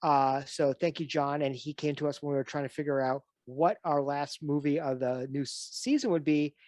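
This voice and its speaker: A man's voice: a little high, normal speed, a little mellow, dry recording. A man hosting a casual online watch-along, introducing the guest and the film with many fillers. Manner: upbeat, filler-heavy introductions. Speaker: host. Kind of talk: casual show hosting on a video call.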